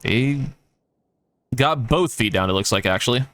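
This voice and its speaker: A man's voice: mid-range voice, lively intonation, measured pace, a bit bright. A man giving casual gameplay commentary, swearing and ranting at the game with exasperation. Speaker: gaming YouTuber.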